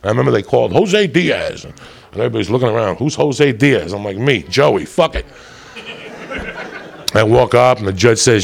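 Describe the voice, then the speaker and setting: A middle-aged man doing stand-up, telling a rowdy, profane story and swinging up to loud shouts. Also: medium pitch, expressive, moderate pace, long pauses. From New Jersey area. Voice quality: gravelly. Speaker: stand-up comedian.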